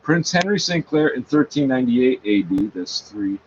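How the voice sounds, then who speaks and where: A man's voice: medium pitch, expressive, normal speed. A man reading a page aloud and talking back to it, scornful, correcting it and swearing often. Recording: dull lo-fi sound, faint background noise.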